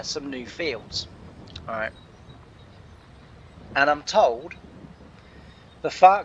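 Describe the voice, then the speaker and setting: A man's voice: mid-range voice, vocal fry, fairly bright tone, highs cut off, slight background noise. A man telling a long casual story while playing a game, laughing often and acting out the people he quotes. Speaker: gaming channel host. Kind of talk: casual storytelling over gameplay.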